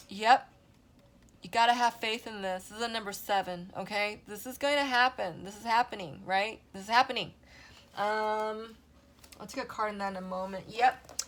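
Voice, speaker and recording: A woman's voice: mid-range voice, a bit bright. A woman giving a channeled tarot reading to her viewers, rambling and emotional, often stopping to check in with them. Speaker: tarot reader.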